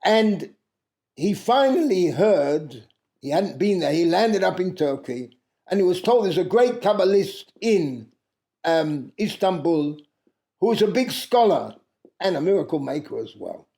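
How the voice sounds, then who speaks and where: Gravelly man telling a folk tale. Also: high voice, big pitch swings, mellow. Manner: unhurried, with pauses and asides to correct himself. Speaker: storyteller. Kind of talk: oral storytelling of a traditional tale.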